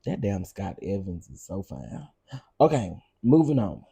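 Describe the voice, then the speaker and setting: A man's voice: deep voice, very animated, unhurried, creaky, dark tone, breathy edge, no echo. A man hosting a casual commentary show, sassy and gossipy, laughing often and repeating lines for effect.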